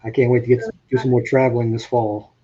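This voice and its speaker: A man's voice: medium pitch, flat delivery, fast talker, mellow, dull audio. A man with a New England accent hosting a casual live-stream chat, easygoing and plain-spoken. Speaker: host.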